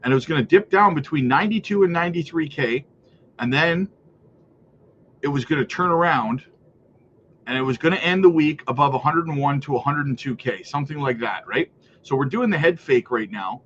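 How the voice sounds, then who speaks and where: Upbeat chatty crypto streamer, higher voice. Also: male voice, animated, brisk, fairly bright tone, highs cut off, slight background noise. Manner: upbeat, chatty, tags lines with "right?" and "guys". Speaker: crypto livestream host. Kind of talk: casual livestream commentary, reading chat. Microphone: streaming setup mic.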